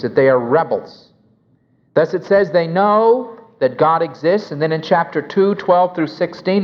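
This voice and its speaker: Emphatic man lecturing in a reverberant hall. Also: fairly high pitch. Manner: emphatic, anecdotal, acts out dialogue. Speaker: lecturer on Christian apologetics. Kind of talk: recorded lecture with storytelling. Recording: dull recording with long hall reverb.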